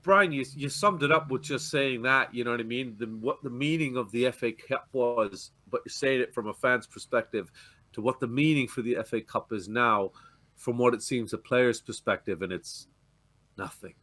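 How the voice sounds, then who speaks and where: A man's voice: mid-range voice, normal speed, sharp tone. A Canadian man, a dejected football fan, ranting and swearing on a fan show, often stumbling over his words. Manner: ranting, swearing, stammering restarts. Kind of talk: heated fan-show chat.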